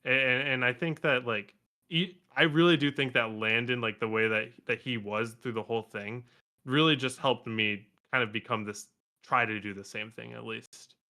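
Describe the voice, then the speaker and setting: A man guesting on a podcast, telling a story in a lively, animated way and acting out what other people said. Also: mid-range voice, moderate pace. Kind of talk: casual storytelling chat.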